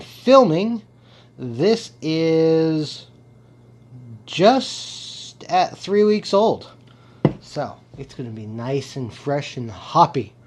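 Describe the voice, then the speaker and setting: A man hosting a casual beer tasting review, playful and theatrical, savoring each sip aloud. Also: a little high.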